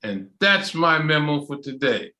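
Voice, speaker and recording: A man hosting an online English chat club over a video call, loud and enthusiastic, stretching out his phrases for emphasis. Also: fairly high pitch, very animated, measured pace. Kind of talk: motivational casual talk.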